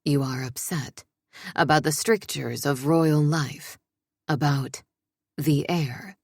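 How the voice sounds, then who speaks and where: A woman's voice: low voice, steady tone, slow pace, no room sound, studio quality, voice pushed down, exaggerated voice. A woman voicing a stern, grave king. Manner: clipped and commanding.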